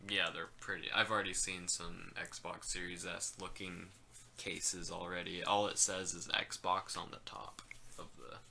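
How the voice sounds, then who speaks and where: A man's voice: sits low, level tone, measured pace, gravelly, bright, forceful tone, a little hiss or hum. A man co-hosting a casual gaming podcast, hedging and trailing off into "like" and "I don't know.". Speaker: podcast co-host.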